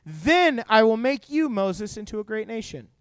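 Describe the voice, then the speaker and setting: A man voicing God, high-pitched and stern. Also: very animated, normal speed, clear, resonant tone, dry recording. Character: angry almighty God, male, commanding.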